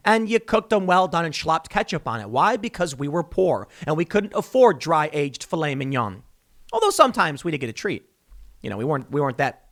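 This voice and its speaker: A man's voice: on the high side, a bit bright. A man giving a heated solo political commentary, mocking and sarcastic as he talks.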